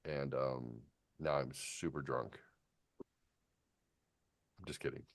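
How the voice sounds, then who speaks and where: A man's voice: extremely low pitch, steady tone, takes it slowly. A man in his fifties, hosting a casual chat and telling a rambling story full of restarts. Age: 50s. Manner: acts out quoted people in a raised voice. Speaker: host.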